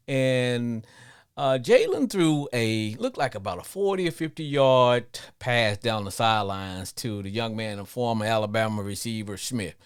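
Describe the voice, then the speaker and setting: A middle-aged man hosting a live sports call-in show, rambling and repeating himself as he talks, with frequent chuckles. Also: smooth. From Arkansas, with Louisiana family. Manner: rambling, repeats words, laughs often, lively swings in pitch. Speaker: podcast host.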